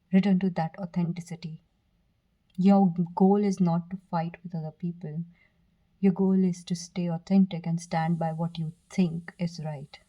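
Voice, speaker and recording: A woman giving a pick-a-card tarot reading, speaking softly and earnestly to the viewer, with fillers, restarts and brief whispers. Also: lowish voice, dull audio. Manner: soft, earnest, direct address with fillers and self-corrections. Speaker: tarot reader.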